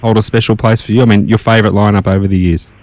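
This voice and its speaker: A man's voice: lowish voice, fairly even intonation, very fast, a little mellow, no echo. An Australian man hosting a radio interview, asking plain, brief questions with small stumbles. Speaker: radio host.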